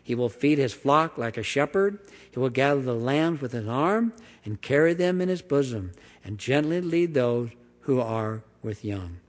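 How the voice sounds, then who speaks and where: A man preaching a sermon, reading scripture aloud with sweeping emphasis and then dropping into quiet, conversational explanation. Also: expressive, normal speed. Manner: emphatic reading with big swings of pitch and volume, dropping to quiet asides. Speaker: pastor. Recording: long hall reverb.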